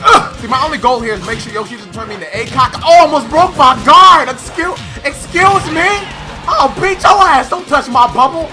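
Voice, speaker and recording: High-voiced man shouting gameplay trash talk. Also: expressive, brisk, hardly any pauses, music in the background. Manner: loud, trash-talking, frequent shouting and laughing. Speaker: gaming commentator. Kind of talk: excitable gameplay commentary.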